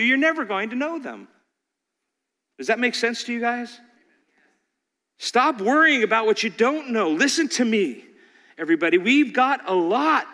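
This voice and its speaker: A man preaching a sermon with animated rhetorical questions, sometimes acting out voices. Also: very high voice, in a large hall. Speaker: pastor.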